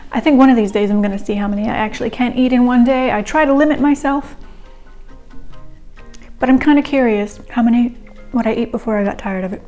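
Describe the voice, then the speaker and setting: A woman's voice: a little high, quick pace, dark tone, dull audio, faint music behind. A young woman chatting casually through a home cooking vlog, giggly and rambling with little asides. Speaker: home cook vlogger.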